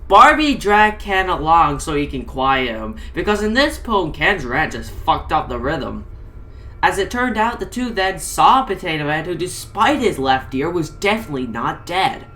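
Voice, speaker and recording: A woman's voice: on the low side, sing-song, unhurried, fairly bright tone. A woman reading a rhymed comic story aloud in a crude, profane, ranting manner.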